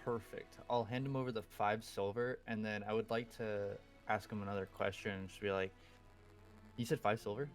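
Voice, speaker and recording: Male tabletop player, lowish voice, halting and stumbling, faint music behind. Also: flat delivery. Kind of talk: tabletop game play.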